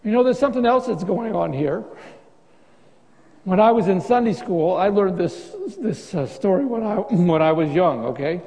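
High-voiced pastor preaching in a reverberant church. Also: male voice, animated, normal speed, darkish tone. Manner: conversational, joking preaching with restarts. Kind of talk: sermon.

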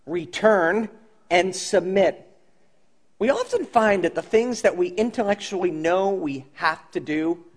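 Male pastor, sermon delivery, high-pitched, earnest storyteller, goes soft and intimate.

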